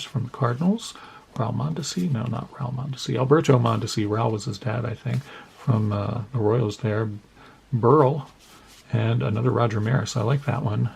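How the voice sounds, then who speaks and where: Gravelly-voiced man chatting through cards. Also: medium pitch, a little mellow. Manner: chatty, reads off names one by one, playful asides to the cards. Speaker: card collecting YouTuber. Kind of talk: casual mail-day card opening.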